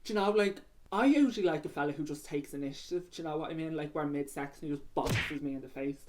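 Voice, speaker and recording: Low-voiced Dublin woman telling cheeky stories. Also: fast, darkish tone. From North Dublin, Ireland. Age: young adult. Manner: cheeky, crude and slangy. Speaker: YouTuber. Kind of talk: casual storytelling, reading out viewer stories. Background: music playing.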